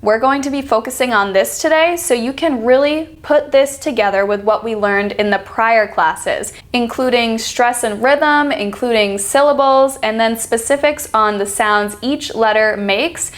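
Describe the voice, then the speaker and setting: A woman teaching an accent reduction lesson, speaking clearly and deliberately and demonstrating example sentences. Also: a little high. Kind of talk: scripted instructional lesson.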